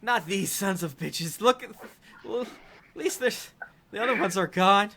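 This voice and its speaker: A man voicing a whiny male undead ghoul guard with half his head gone, complaining loudly to his master. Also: sits high, lively intonation, measured pace, gravelly, pitched above the performer's own voice, exaggerated voice. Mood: exasperated. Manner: complaining, exasperated.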